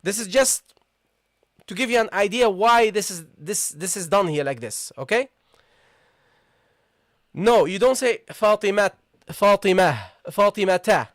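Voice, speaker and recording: Patient teacher running a live online class, mid pitch, dry close sound, keeps asking okay? and guys. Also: animated, measured pace, pauses often, no echo. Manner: repeats key points and asks the class questions. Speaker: Arabic teacher. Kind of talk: live online language lesson.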